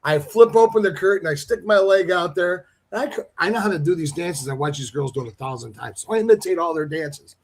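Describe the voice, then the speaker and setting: A man with a notably high voice tells an animated, comic story. His delivery is casual and jokey. He is a guest on a talk show. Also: a little fast, hardly any pauses.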